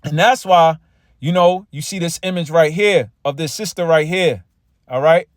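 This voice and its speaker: A man preaching a loose, conversational sermon, reading scripture slowly and checking in with "all right?" and "right?" as he goes. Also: on the high side, no echo, studio quality. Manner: reads scripture slowly and with emphasis.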